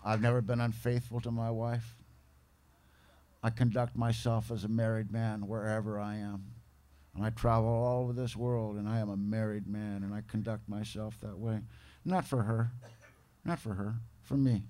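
Middle-aged man, recovery meeting speaker, casual slangy testimony, mid-pitched voice, acts out others' lines. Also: dark tone. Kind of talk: personal testimony storytelling.

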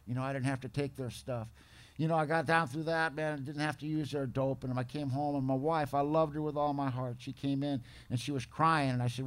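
A man speaking at a recovery meeting, telling his story bluntly, with rough slang and gruff humor. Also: medium pitch, steady tone, fairly quick. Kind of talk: storytelling talk.

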